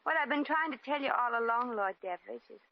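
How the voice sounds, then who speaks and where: A woman's voice: fairly high pitch, lively intonation, quick pace, vocal fry. Wisecracking American shop girl. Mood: wry. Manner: slangy, wisecracking. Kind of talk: 1950s radio acting. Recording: dull old radio recording.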